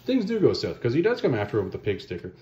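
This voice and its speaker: A man casually retelling a comic story as a reviewer, animated and slangy, with offhand asides. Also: mid-range voice, racing, roomy sound, highs cut off.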